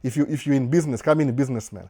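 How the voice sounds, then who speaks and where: A man's voice: medium pitch, very fast, dark tone, slightly rough. A man from Kenya with a Kenyan accent, chatting casually in a live Q&A from his home den, often restarting words and checking in with his listeners. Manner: chatty, repeats and restarts, asks "unaona?". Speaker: live-stream host. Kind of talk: casual live Q&A chat, code-switching. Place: indoor home den with a couch.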